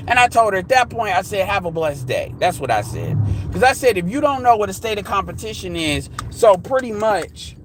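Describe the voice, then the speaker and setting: High-voiced man ranting bluntly. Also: animated, a little fast, fairly bright tone, a little hiss or hum, poor audio. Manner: blunt, profane, heated; mimics others in quoted asides. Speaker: vlogger. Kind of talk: ranting monologue to viewers.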